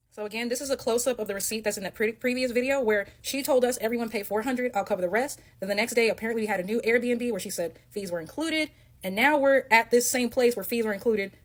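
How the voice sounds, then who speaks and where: Woman rattling off her side of the story super quick, bit high voice, emphatic and defensive, reading screenshots out loud. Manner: emphatic and defensive, walking through evidence point by point. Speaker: content creator telling her side of a story.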